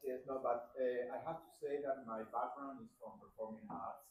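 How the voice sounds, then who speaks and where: A man's voice: mid-range voice, fairly even intonation, moderate pace. A man in a class giving feedback, hesitant and searching for words with many fillers. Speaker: class participant. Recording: distant echoey room with faint background noise.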